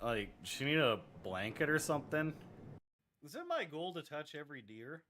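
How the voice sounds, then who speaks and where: Young streamer man with a stuffy nose, a bright and lively voice, and joking, loud game reactions. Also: a little high, moderate pace, slight background noise. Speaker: livestreamer. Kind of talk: casual live gameplay commentary.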